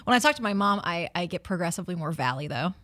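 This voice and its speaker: A woman's voice: lowish voice, animated, quick pace, a bit bright. An American woman who is not British, a guest on a casual podcast, rambling along with a giggly manner. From America, not Britain. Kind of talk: casual chat.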